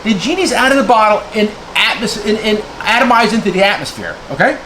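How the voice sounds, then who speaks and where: A man's voice: high-pitched, expressive, fast, background noise. A man from New Jersey, a tool dealer, ranting heatedly to his viewers in a blunt, name-calling way, checking in with "okay?" again and again. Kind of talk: heated rant to camera.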